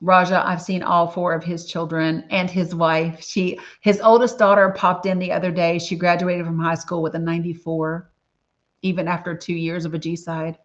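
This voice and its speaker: A woman's voice: fairly low pitch, flat delivery, normal speed. A woman hosting a casual livestream, talking earnestly and emotionally while reading viewer names from the chat. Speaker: livestream host. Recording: slightly dull lo-fi audio.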